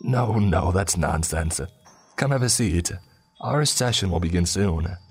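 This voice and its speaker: A man voicing a creepy old male cultist who talks slowly, sounding falsely welcoming and then menacing. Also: low-pitched, expressive, husky, soft background music, exaggerated voice. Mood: inviting.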